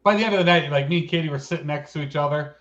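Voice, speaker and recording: A chatty, self-mocking man co-hosts a casual talk show. His voice sits a little high for a man, and the recording sounds dull and lo-fi. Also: rapid-fire, fairly bright tone. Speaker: co-host. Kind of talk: casual chat.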